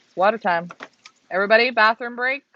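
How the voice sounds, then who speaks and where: A woman's voice: on the high side, a little fast, bright, forceful tone, slight background noise. Chatty woman co-hosting a live stream. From Canada. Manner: chatty, joking, reads out names. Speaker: co-host of a live pigeon race stream. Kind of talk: casual live-stream chat. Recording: slightly dull lo-fi stream audio.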